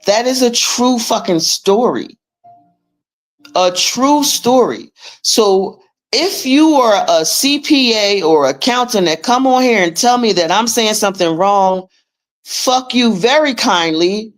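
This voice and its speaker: A woman's voice: a little high, lively intonation, slow. A woman hosting a livestream, ranting in a blunt, profane and emphatic way as she urges listeners to take charge of their money. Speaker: livestream host teaching finance paperwork. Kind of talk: casual livestream rant.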